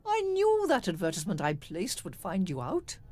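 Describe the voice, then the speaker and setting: A woman voicing a smug, scheming male army colonel who gloats slowly over his trap, in an audio drama reading. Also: lowish voice, huge pitch swings, a little mellow, voice pushed down. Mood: gloating. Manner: gloating, drawn-out.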